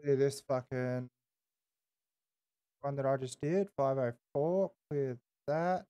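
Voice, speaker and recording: A man's voice: medium pitch, takes it slowly, warm tone, clear, resonant tone, dull audio. An Australian man streaming casual in-character game roleplay, laid-back and swearing constantly, tagging "eh" onto his lines.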